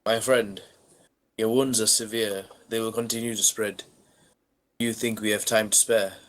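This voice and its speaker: A man's voice: on the low side, fairly even intonation, normal speed, fairly bright tone, natural voice, poor audio. A man voicing a solemn, grandiose adventurer. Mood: grave. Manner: archaic, grandiose speech. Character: formal, solemn adventurer hero, male.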